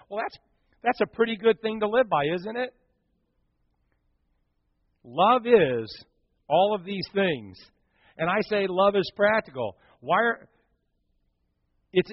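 A middle-aged man preaching a sermon, reading jokes aloud with animated, playful delivery. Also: high-pitched, no echo, muffled recording. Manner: jokey, animated storytelling with punchlines. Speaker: pastor. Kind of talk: sermon with humor.

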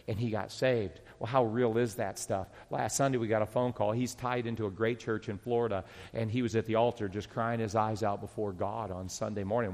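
A middle-aged male pastor telling stories in a sermon, animated and excited, often restarting his sentences. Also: lowish voice. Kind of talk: storytelling sermon. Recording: long reverb of a large hall.

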